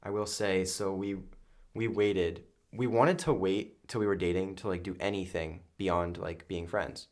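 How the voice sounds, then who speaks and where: Deep-voiced young man, earnest and rambling. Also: fairly even intonation, a little slow, a little mellow. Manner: earnest, rambling with many fillers. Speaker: podcast guest. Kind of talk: casual chat.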